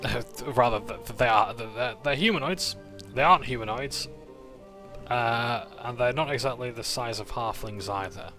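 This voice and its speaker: A man's voice: mid-range voice, moderate pace, pushed and bright, soft background music. A man casually recapping a tabletop game session, with frequent "uh"s and self-corrections as he narrates.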